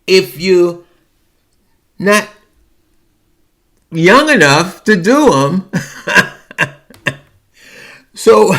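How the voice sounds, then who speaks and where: This podcast host has a slightly high, fairly bright voice. Alone at the mic, he delivers a chatty, wry monologue about his personal fears, wandering off on tangents as he goes.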